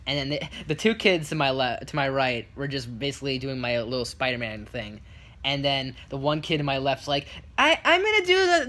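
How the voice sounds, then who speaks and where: A man telling a casual story on his vlog, rambling with many restarts and fillers and bringing it to life by acting out what others said. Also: a little high. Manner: lively retelling with quick quoted voices. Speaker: vlogger.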